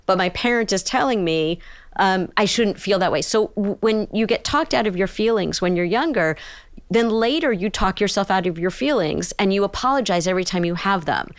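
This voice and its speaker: A middle-aged woman speaks as a therapist in an unhurried podcast conversation, her voice smooth and resonant. Now and then she slips into small acted-out examples to make a point. The sound is dry and close, with no room around it. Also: mid-range voice, expressive, dry recording. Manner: thoughtful, explains with acted-out examples. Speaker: psychotherapist and author, guest.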